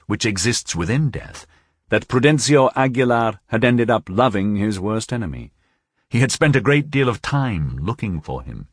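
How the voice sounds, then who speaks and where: A man narrating a novel as an audiobook, in a measured, expressive storytelling manner. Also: lowish voice, breathy edge, no room sound, studio quality.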